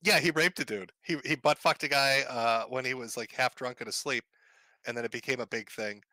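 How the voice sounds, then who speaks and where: A man hosting a loose podcast conversation in a bright, forceful voice. He asks crude questions and laughs a lot. The sound is dry and close to the mic. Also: medium pitch, fairly quick, dry recording. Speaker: podcast host.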